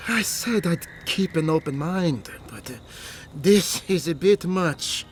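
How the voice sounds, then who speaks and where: A man's voice: a little high, takes it slowly, faint music behind. An actor voicing an earnest, emotional man who argues for his people in a video game.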